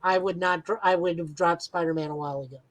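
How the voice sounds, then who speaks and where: A male podcast co-host talks at length on a casual show, rambling with enthusiastic fan energy. His fairly high voice stays steady in tone and moves fast, though the audio quality is poor.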